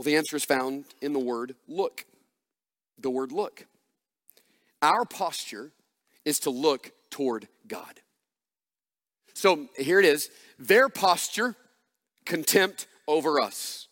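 A man with a notably high voice delivers a sermon, pressing his points through repeated, climbing refrains. His words ring out with a long reverb trail, as though spoken from the front of a big church sanctuary. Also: expressive, a little slow, pauses often, fairly bright tone. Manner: emphatic, repetitive preaching with rising, punchy refrains. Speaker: pastor. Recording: long reverb of a large hall.

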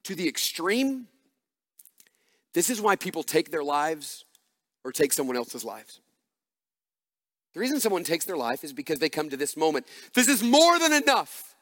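A man's voice: fairly high pitch, sing-song, moderate pace, long pauses, fairly bright tone. A man preaching a sermon as pastor, emphatic and repetitive, building punchy refrains. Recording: long reverb of a large hall.

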